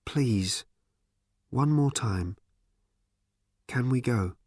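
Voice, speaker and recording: A man voicing a composed woman journalist who speaks quietly and steadily. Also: mid-range voice, very slow, no room sound, clean studio sound. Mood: calm, urgent.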